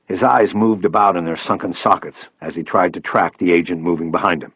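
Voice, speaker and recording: A man narrating a crime audiobook in the first person, with expressive, steady storytelling. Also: deep voice, fairly quick, breathy edge, no echo, muffled recording.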